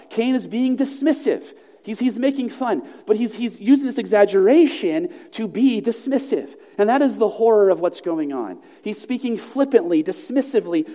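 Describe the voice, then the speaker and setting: A man preaching a sermon to his congregation, measured and earnest, slowing down to stress key phrases. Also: sits high, mellow. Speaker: pastor. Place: church sanctuary. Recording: long reverb of a large hall.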